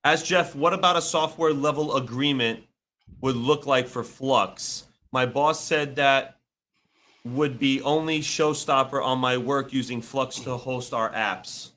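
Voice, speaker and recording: A man co-hosting a casual call-in chat, passing on audience questions in a halting, informal way. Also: medium pitch, sharp tone. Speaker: co-host relaying chat questions.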